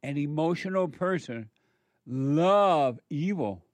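A man delivers a moralizing monologue in a slightly higher voice, unhurried and emphatic. He repeats words to drive his points home. The sound is close and dry. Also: animated, no room sound.

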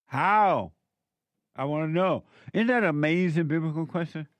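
A man's voice: a little high, lively intonation, normal speed, dry recording. Emphatic male preacher, dry sound. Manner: emphatic and repetitive, preaching to a live audience. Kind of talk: sermon.

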